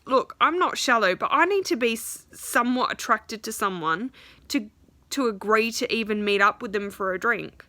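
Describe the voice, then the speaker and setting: Bright-voiced young woman ranting casually. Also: a little high, animated, normal speed, no room sound. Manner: frustrated, swears often, quotes others in voices. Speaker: vlogger.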